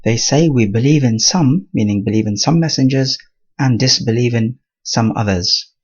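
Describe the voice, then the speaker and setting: Male Quran teacher, husky voice, steady explanatory lesson, dull lo-fi sound. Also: mid-range voice. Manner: measured explanatory delivery mixing Arabic terms.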